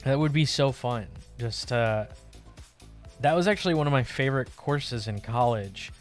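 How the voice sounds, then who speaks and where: A young man chatting casually on a live art stream, rambling warmly about a character and greeting viewers by name. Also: medium pitch, normal speed, soft background music. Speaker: livestream artist.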